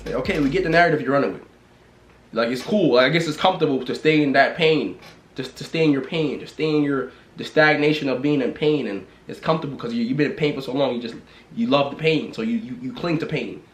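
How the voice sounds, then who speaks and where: A man in a casual rant to camera, talking bluntly and repetitively, swinging from loud exclamations to low mutters. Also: fast talker, reverberant. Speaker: vlogger.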